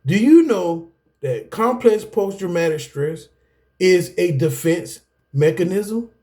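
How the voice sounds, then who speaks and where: Animated high-voiced man giving testimony. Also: slow pace. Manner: animated, preacherly, repeats "guess what" and "y'all". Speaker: anger management class speaker. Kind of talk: personal testimony lecture.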